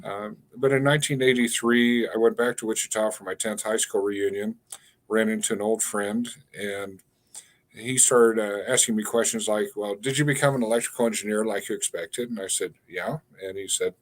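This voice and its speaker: A man in his sixties tells a long story in an interview with a low, unhurried voice. He often stops on fillers and repeats his words before going on. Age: 60s. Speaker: guest, energy healer.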